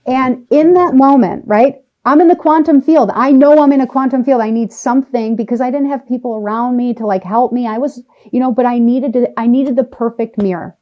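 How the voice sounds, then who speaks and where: A woman, a podcast guest, tells a personal story in animated, emphatic conversation and slows down or speeds up for effect. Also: a little high, muffled recording.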